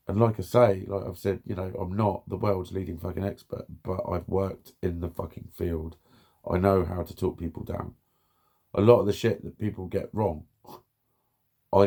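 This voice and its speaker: A man's voice: low voice, vocal fry, dark tone. A man talking bluntly and frustrated in a candid vlog monologue, swearing often and repeating himself. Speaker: vlogger.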